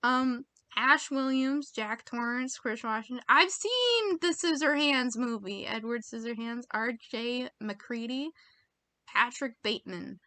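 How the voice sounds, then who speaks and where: A woman's voice: fairly high pitch, measured pace, pushed and bright, dry recording. A young American woman reading quiz options aloud in casual chat, giggly and self-mocking, muttering as she goes. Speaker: video creator taking online quizzes.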